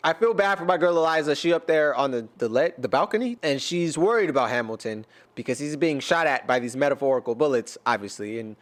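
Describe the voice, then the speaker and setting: An American man with a slightly raised pitch rambles through casual reaction commentary. He jokes, trails off and restarts often, leaning on fillers as he thinks aloud. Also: animated, quick pace, few pauses. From United States. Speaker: reaction YouTuber and rapper.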